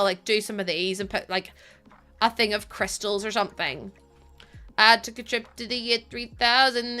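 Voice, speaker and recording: A young woman chats through a live stream. She talks with her viewers in a teasing, playful way, and her voice swoops and bounces all over the place. Soft game music plays behind her. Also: high voice, clear, resonant tone. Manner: chatty, teasing, quick to laugh, talks to chat. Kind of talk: casual live-stream chat while gaming.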